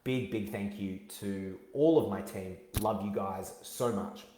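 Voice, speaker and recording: A man in his thirties hosting his own book launch on a live stream, talking in an energetic, heartfelt way with many fillers and restarts. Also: lowish voice, a little slow. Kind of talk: live-streamed casual talk. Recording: roomy echo.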